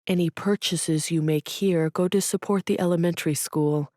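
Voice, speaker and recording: A woman voicing Wesley, a kind man who explains things in hushed, calm tones. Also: on the low side, normal speed, dry recording, studio quality, natural voice. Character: man, a kind and soft-spoken shop helper.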